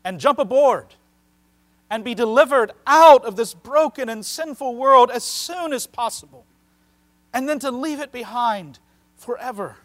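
A man preaching a sermon as pastor, earnest, slowing down to stress key phrases and swinging from loud to soft. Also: very high-pitched. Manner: earnest preaching with slowed emphatic phrases and wide swings in loudness.

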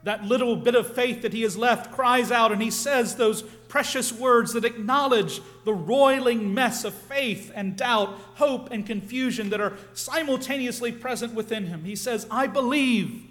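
A man preaching a sermon, earnest and reflective, often dropping to a hush on key phrases. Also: very high-pitched, moderate pace, hardly any pauses.

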